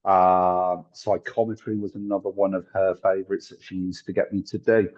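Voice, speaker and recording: A man's voice: deep voice, flat delivery, moderate pace, darkish tone. A middle-aged man, a tarot reader and medium, telling chatty stories in an interview, laughing often and acting out the people he quotes. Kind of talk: casual storytelling in an interview. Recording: dull lo-fi sound.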